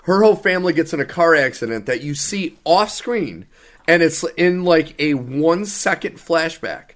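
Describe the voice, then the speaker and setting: A man co-hosting a casual podcast, ranting about a film he hated. His voice sits a little high for a man, and he talks in an exasperated, sarcastic way. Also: lively intonation, moderate pace, a bit bright. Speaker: podcast co-host. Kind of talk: casual podcast movie review.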